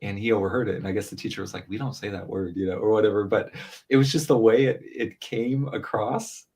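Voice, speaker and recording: A man's voice: on the low side, fairly even intonation, a little fast, darkish tone, rough recording. A father on a streamed podcast, telling a family story in a loose, rambling way full of fillers. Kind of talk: casual chat while streaming.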